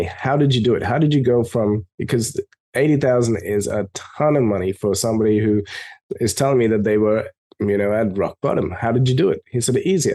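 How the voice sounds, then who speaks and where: A man being interviewed as a software company co-founder, telling stories and acting out the dialogue in a raised voice. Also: lowish voice. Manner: animated, acts out quoted dialogue in a raised voice. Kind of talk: storytelling in an interview. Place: lives in Melbourne.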